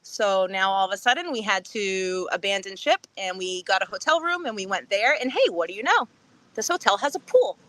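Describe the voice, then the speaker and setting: A woman's voice: mid-range voice, lively intonation, brisk, a bit bright. A woman chatting casually on a podcast, telling a funny story and acting out quotes with big jumps in her voice and frequent laughs. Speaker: podcast guest.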